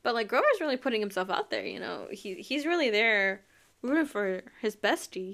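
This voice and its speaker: An excitable young woman hosts a chatty book recap, her voice sitting a little high. She gushes, rushes through asides and drops into a whisper now and then. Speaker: podcast host. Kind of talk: casual book recap chat.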